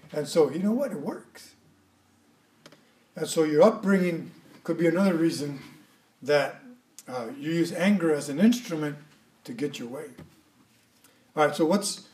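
A man with a high voice preaches a sermon in a chatty, conversational way, stumbling over and repeating words as he talks to his listeners. He is heard from some way off the mic, in a room with plenty of echo. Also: a little mellow, distant mic. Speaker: pastor.

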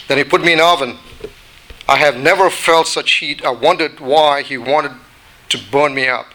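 A man's voice: a little high, steady tone, normal speed, bright, forceful tone, rough recording. A man voicing a small china teacup that began as ordinary clay, telling its own story as a read-aloud. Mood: recounting. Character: little china teacup, once ordinary clay, long-suffering.

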